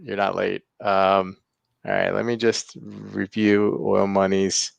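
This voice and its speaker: Man, casual livestream host, smooth lowish voice, greets viewers, chuckles, dry close mic. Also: little pitch movement, slow pace, no echo, highs cut off. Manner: greets chat viewers by name, chuckles often.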